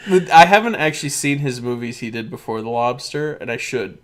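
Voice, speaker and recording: A man's voice: mid-range voice, animated, a little fast, a bit bright. A young man co-hosting a podcast, his delivery loose and rambling. He laughs often and backs up to rephrase what he meant. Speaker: podcast co-host. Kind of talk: casual chat.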